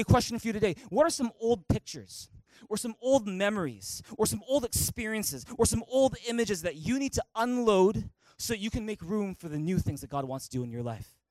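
A middle-aged male pastor giving a lively sermon, acting out quoted voices and singing snatches of song. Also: sits high, dry recording, poor audio. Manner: energetic, animated preaching that acts out quoted voices and sings snatches of song.

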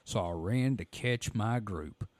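A hoarse man voicing a drawling Southern male storyteller who recalls a boyhood camp, reading the account aloud in a put-on Southern accent. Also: on the low side, slow pace, darkish tone, dry recording, clean studio sound. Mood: storytelling. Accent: American Southern. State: hoarse throat.

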